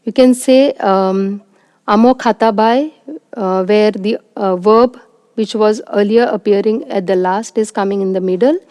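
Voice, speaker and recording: A woman delivers a recorded university lecture and works methodically through each example. Her voice is mellow and warm. The recording is dry and close, with no room sound. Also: mid-range voice, fairly even intonation, measured pace, no room sound. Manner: methodical, explains step by step with examples.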